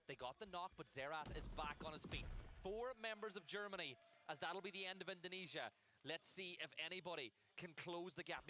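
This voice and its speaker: A man calling a team shooter match as play-by-play commentary, building excitement on big plays. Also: high voice, very noisy. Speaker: esports caster. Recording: loud gunfire from game feed.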